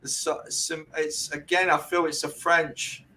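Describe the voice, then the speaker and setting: A man working as a medium on a video call, talking in halting, self-correcting bursts and often checking whether his words make sense. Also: on the high side, flat delivery, bright, forceful tone, slight background noise, rough recording. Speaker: medium giving a reading. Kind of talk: spiritual reading on a group video call.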